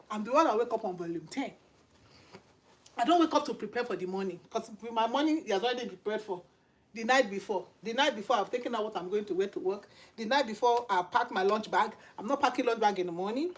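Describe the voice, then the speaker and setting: Woman, Nigerian accent, middle-aged, high voice, informal preaching, emphatic, repeated rhetorical questions. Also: fairly quick, fairly bright tone. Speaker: channel host and lay preacher.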